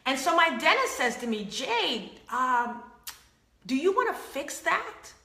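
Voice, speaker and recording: A woman hosting an inspirational faith talk, telling stories with acted-out quotes and lively laughter. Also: high voice, measured pace, reverberant. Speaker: host.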